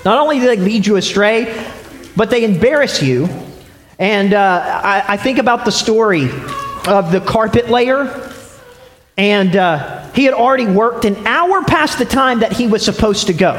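A man's voice: sits high, animated, measured pace, a bit bright. A man preaching a sermon to a congregation, telling stories with frequent restarts. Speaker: pastor. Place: church sanctuary. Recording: echoey hall with long reverb.

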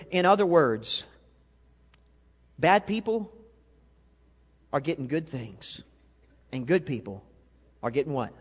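A male pastor preaching a sermon, animated, swinging between loud and quiet and asking the congregation questions. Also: high-pitched, normal speed, pauses often, husky. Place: church sanctuary. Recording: long hall reverb.

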